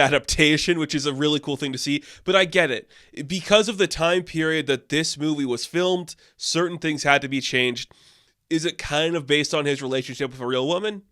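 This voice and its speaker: A man's voice: medium pitch, fairly bright tone. Chatty, enthusiastic man reviewing films. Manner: enthusiastic, chatty, with frequent fillers and restarts. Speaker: film reviewer. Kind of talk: casual film review talk.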